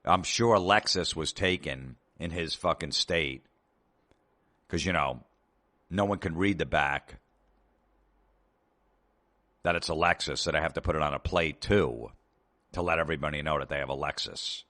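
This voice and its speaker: A man's voice: very deep voice, normal speed, pauses often, bright, forceful tone. A man hosting a comedy show, ranting in a sarcastic, profane and exasperated way. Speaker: comedian host. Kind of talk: comedic rant.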